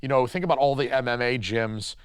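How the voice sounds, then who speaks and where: A man's voice: mid-range voice, a little fast, clean tone, dry recording, studio quality. A man doing casual, rambling film commentary as a horror reviewer, irreverent, with crude jokes.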